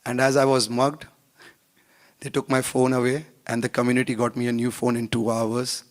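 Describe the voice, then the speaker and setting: A man's voice: medium pitch, normal speed. A man giving a conference talk on a workshop stage, telling travel stories and acting out the dialogue, in plain non-native English. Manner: animated, acts out dialogue in anecdotes. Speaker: conference speaker.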